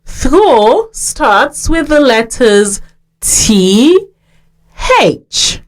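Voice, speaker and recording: Very slow Sierra Leonean woman teaching. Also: medium pitch, big pitch swings. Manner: slow, clearly sounding out syllables and letters. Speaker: radio teacher. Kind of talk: slow scripted reading lesson for children.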